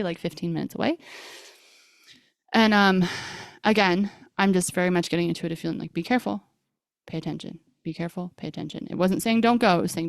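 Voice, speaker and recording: A young woman with a lowish voice and vocal fry hosts a podcast, chattily telling a personal story packed with fillers and quoted dialogue. The recording is dry with clean studio sound.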